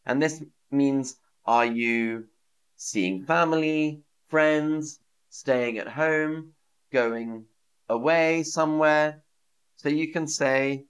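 Slow-speaking man teaching English. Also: fairly high pitch, animated, fairly bright tone, clean tone. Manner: slow, repeats phrases for learners. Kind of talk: live-stream English lesson.

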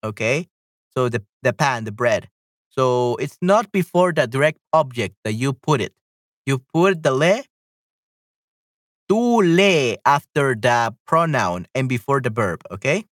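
A woman teaching a live-streamed language lesson, patiently repeating phrases slowly and translating them. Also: very deep voice, expressive, no room sound, clean studio sound. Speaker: Spanish teacher on a livestream.

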